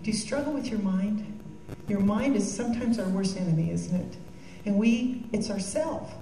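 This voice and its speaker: A woman's voice: mid-range voice, normal speed, mellow, a little hiss or hum. A woman giving a devotional talk, earnest and heartfelt, with joking asides. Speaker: Christian speaker. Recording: echoey room from a distance.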